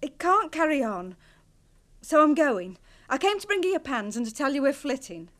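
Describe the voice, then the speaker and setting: A torn wife. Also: female voice, high-pitched, very animated, normal speed, fairly bright tone. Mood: upset. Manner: emotional, pleading, hesitant. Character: torn married woman ending an affair. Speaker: actor in a TV drama.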